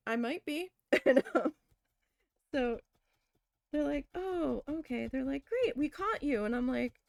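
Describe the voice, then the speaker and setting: A woman tells a personal story in a casual, rambling way, with plenty of fillers as she acts out who said what. Her voice sits a little high. The sound is close and dry, with no room echo. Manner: chatty, lots of fillers, quotes herself animatedly. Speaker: crafting vlogger. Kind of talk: casual storytelling while crafting.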